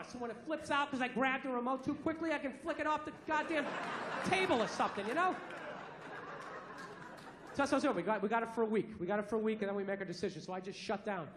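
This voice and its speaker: A man's voice: high voice, background noise. A man in his forties with a Boston accent doing a stand-up comedy set, brash and profane, ranting with mock outrage. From Massachusetts, USA. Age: 40s. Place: theater stage. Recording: echoey theater with crowd laughter. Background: audience laughter and ambience.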